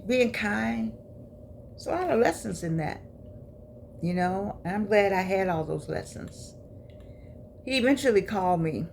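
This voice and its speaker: A woman in her eighties shares stories from her life in a chatty, animated way, talking straight to her viewers. Her voice sits in a middle pitch with a noticeable gravelly texture. Faint background noise sits under her speech. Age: 80s. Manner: lively, chatty storytelling with laughs and direct asides. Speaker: memoir vlogger. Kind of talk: personal storytelling.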